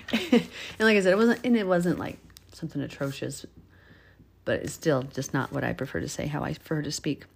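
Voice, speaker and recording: A woman teaching a casual Bible study on a phone, chatty and quick to laugh, growing animated when she stresses a point. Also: deep voice, creaky, husky.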